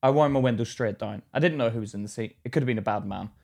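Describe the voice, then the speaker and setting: A man's voice: medium pitch, very fast, vocal fry. A man co-hosting a podcast, telling a road-rage story in casual chat and acting out quotes. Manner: animated storytelling, acts out quotes loudly. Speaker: podcast co-host.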